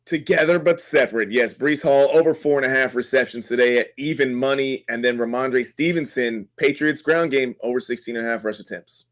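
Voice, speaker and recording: A man on a sports betting panel giving his picks in a quick, self-mocking way. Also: medium pitch. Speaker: show panelist.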